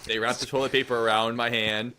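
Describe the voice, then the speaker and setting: A man's voice: medium pitch, flat delivery, fast, pushed and bright, a little hiss or hum. A young man in his twenties co-hosting a podcast, telling a rambling, profane story and acting out the quotes. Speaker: podcast co-host. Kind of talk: casual storytelling chat.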